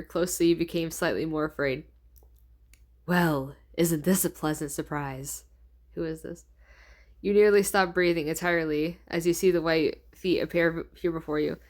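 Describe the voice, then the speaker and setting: Rich: A woman in her twenties reads her old fanfiction aloud, pausing for wry asides. She trips over words and fixes them as she goes, and her voice sits a little low. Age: 20s. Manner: stumbles and corrects herself, laughs at her own writing. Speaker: fanfiction reader.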